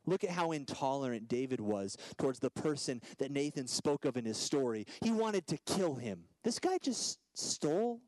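A man in his thirties preaching a sermon as a guest speaker, swinging between loud emphatic lines and soft hushed ones. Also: medium pitch, lively intonation, normal speed, few pauses, no echo, low-quality recording.

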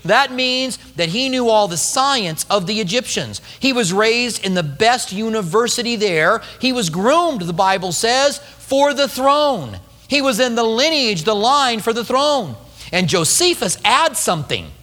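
A male pastor preaching a sermon, telling a story with lively acted-out quotes. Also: very high voice, unhurried, long reverb tail.

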